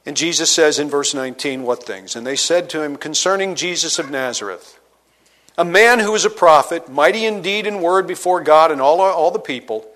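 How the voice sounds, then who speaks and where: A man preaches with a fairly high voice, moving between reading scripture and casual retelling. He often sinks his voice low and soft to press a point home. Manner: expository preaching, reads scripture aloud and paraphrases it conversationally; dynamic delivery, drops low and quiet for emphasis. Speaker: pastor. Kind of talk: sermon.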